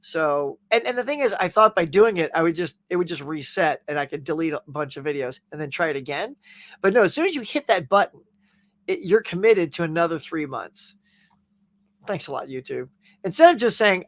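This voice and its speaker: A man's voice: fairly high pitch, lively intonation, fairly quick, fairly bright tone, dry recording. A man hosting a casual pop culture show, chatting and rambling through viewer comments with frequent laughs. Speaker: podcast host reading viewer comments. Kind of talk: casual chat.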